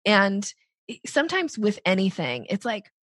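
A woman's voice: mid-range voice, wildly swooping pitch, moderate pace, no room sound. A woman guest speaking as a sales coach in a podcast interview, with a naturally upbeat delivery that tends to lilt upward at sentence ends.

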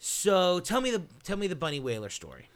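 A man's voice: high-pitched, wildly swooping pitch, a little fast. A man hosting a podcast, casually chatting and prompting his guest with eager questions. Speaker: podcast host. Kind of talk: casual chat.

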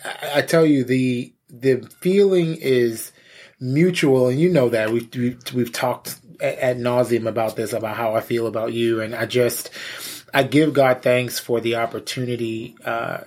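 A man's voice: mid-range voice, steady tone, unhurried, a little mellow. Pastor guy guesting on a podcast, earnest, keeps stammering and repeating words. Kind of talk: casual faith podcast chat.

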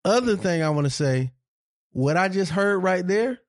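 A man's voice: high voice, animated, moderate pace, no room sound, clean studio sound. A man co-hosting a casual podcast chat, heated and profane, repeating his points for emphasis. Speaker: podcast co-host.

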